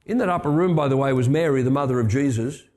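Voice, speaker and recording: A man's voice: medium pitch, quick pace, darkish tone. An older man preaching a storytelling sermon, chatty, with asides and restarts. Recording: long hall reverb.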